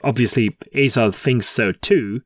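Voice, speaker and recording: A man co-hosting a podcast in chatty, joking talk. He laughs at his own puns and restarts his sentences now and then. His voice sits in a middle pitch and sounds dry and close. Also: unhurried, no echo. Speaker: podcast co-host. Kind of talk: casual chat.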